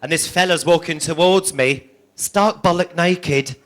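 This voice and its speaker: A man's voice: on the high side, unhurried, fairly bright tone. A man doing a crude, cheeky stand-up routine, telling jokes in a motherly stage persona. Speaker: stand-up comedian.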